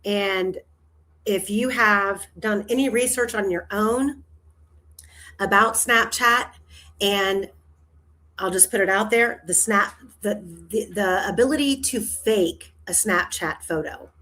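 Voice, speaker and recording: A woman hosts a relaxed livestream chat at an unhurried, drawn-out pace. She rambles, trails off and laughs easily between thoughts, in a voice of middle pitch. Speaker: livestream host.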